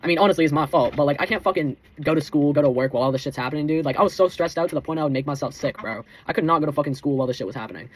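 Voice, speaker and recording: Fast-talking teenage boy ranting, heavy swearing. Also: a little high. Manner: heated, swears constantly, fillers like "bro" and "dude". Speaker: vlogger. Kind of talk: casual storytime rant.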